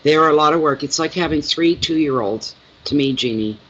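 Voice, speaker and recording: A middle-aged man, a tarot reader and channel host, chatting casually with his viewers at home and telling animated stories. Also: on the high side, moderate pace, highs cut off.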